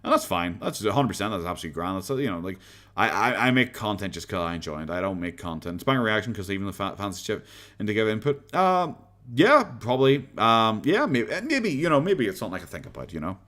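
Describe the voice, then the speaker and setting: A man's voice: on the low side, big pitch swings, fast talker, a bit bright. A man with an Irish accent chatting casually on a live stream, rambling, laughing often and swearing freely as he reads comments.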